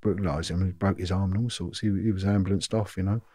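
A man's voice: deep voice, quick pace, no room sound, studio quality. A middle-aged man, a former detective telling long anecdotes in an interview, full of fillers and restarts. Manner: animated anecdotes with many fillers and repeats. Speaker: former police detective, guest. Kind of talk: storytelling interview.

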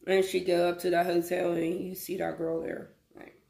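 Emphatic woman with a gravelly voice. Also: on the low side, level tone, moderate pace, a little mellow. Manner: emphatic, repeats words, addresses viewers directly. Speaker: reaction vlogger. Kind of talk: casual reaction commentary.

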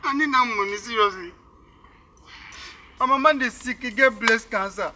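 A man's voice: moderate pace, noisy background. A desperate, pleading young village man with a Pidgin accent. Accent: Nigerian Pidgin. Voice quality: high, pleading, insistent. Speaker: Tio, a young man from Gboko. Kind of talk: Nollywood film acting.

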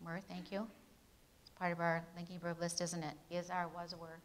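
A woman teaching a grammar lesson on biblical verses, drilling her students with quick questions and stressing key words. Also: on the low side, monotone, low-quality recording.

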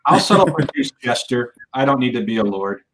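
Fast-talking easygoing man. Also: mid-range voice, animated, fairly bright tone, slight background noise, low-quality recording. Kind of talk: casual chat.

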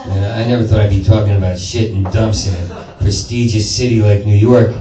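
A man's voice: lowish voice, level tone, a little fast, heavy background noise. A man doing a rambling, profane stand-up set with lots of stammered restarts, in a small performance space. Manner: rambling, profane, self-interrupting. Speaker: stand-up comedian. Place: small performance space before a live audience. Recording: roomy live sound from a distant mic with crowd laughter.

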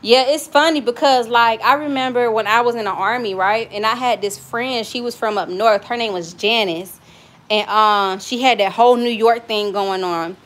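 A woman's voice: on the high side, moderate pace, a bit bright. A young adult woman with a Southern US accent, chatting casually and frankly while cooking in her home kitchen, telling stories and swearing freely. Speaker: cooking vlogger.

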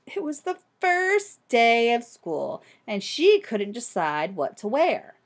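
A woman reading a children's picture book aloud expressively and pausing to ask listeners questions. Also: fairly high pitch, huge pitch swings. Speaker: storybook reader for children.

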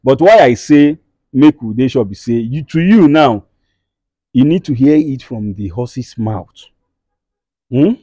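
A Nigerian man acting a calm talk show host who mediates and keeps urging calm, slipping into Pidgin. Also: medium pitch, measured pace, pauses often, dry recording. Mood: soothing. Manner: soothing, repeatedly urging calm, mixes Pidgin. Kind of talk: comedy skit acting.

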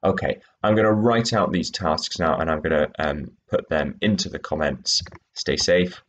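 A male English teacher explaining tasks in a recorded lesson, patient and clear, with some fillers. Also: very deep voice, moderate pace, highs cut off. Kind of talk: recorded lesson with read-aloud extracts.

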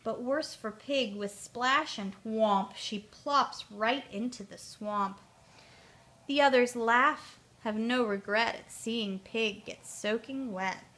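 A woman reading a rhyming children's picture book aloud, lively and voicing the characters. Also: on the high side, slow. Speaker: storyteller.

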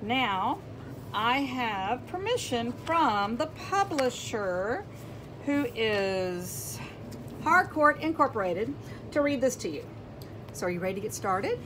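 A woman reading a children's picture book aloud, animated and exclaiming, asking her young listeners questions. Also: fairly high pitch, takes it slowly, noisy background. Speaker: children's storybook reader.

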